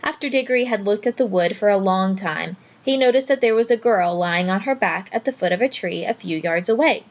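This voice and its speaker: A woman narrating a children's storybook aloud in a gentle, measured way. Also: on the high side, muffled recording. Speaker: audiobook narrator.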